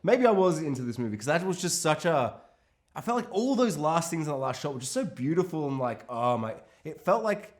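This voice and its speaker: A man talking through a film on a podcast with real animation. His voice sits a little high and swings widely in pitch. He swears casually and keeps breaking into character voices. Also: sing-song, brisk. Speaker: podcast co-host.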